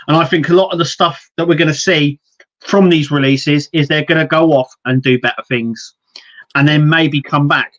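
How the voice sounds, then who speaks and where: A man's voice: fairly high pitch, fairly even intonation, moderate pace, fairly bright tone, highs cut off. A man co-hosting a casual wrestling podcast, rambling with lots of restarts and quoted asides. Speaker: podcast co-host.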